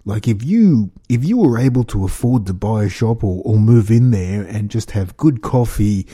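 A man's voice: fairly low pitch, animated, moderate pace, mellow, husky. An Australian man rambling through a casual monologue to his viewers, with an incredulous, chuckling way of talking. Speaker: vlogger.

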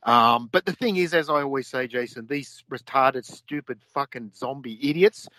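A man's voice: medium pitch, normal speed, pushed and bright, dry recording, rough recording. Ranting Australian man, dry sound. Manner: profane, heated and repetitive. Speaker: podcast co-host. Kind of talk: ranting casual talk.

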